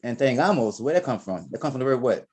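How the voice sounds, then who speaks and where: A quick-speaking man with a drawl, leading a Spanish lesson. He repeats himself as he patiently walks students through corrections. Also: mid-range voice, animated, a crowd in the background. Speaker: Spanish teacher. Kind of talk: online class instruction.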